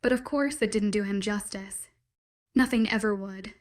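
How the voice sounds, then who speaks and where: A woman narrating a first-person romance story in a steady, even read. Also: mid-range voice, moderate pace.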